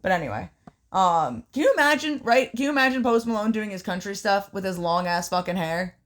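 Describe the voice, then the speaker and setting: A woman co-hosting a casual podcast, swearing constantly as she tells a story in an animated way. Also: mid-range voice, a little fast. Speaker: podcast co-host. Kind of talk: casual chat recapping wrestling.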